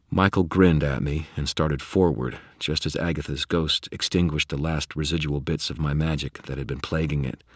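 Very deep-voiced male audiobook narrator. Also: husky, no room sound, studio quality. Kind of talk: first-person fantasy audiobook narration.

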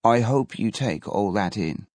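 A man's voice: on the low side, expressive, measured pace, a little mellow, no room sound, studio quality. A man voicing an earnest, self-serving male prison chaplain with a pompous manner.

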